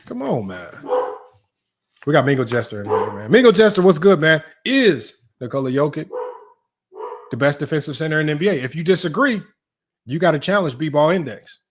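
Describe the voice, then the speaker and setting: A man hosting a sports debate livestream, talking brashly and teasing his chat in quick casual commentary. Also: fairly high pitch, expressive. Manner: brash, rapid, teasing, talks straight to chat. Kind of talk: casual live-stream commentary.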